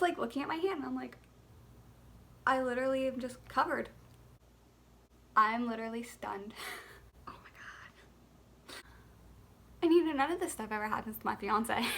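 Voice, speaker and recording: A young woman with a slightly high voice tells a casual storytime to camera. She talks expressively, full of filler "like"s and laughs. Faint ambient noise sits under her voice. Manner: chatty and expressive, laughs often, many filler "like"s. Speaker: mother and vlogger telling a story.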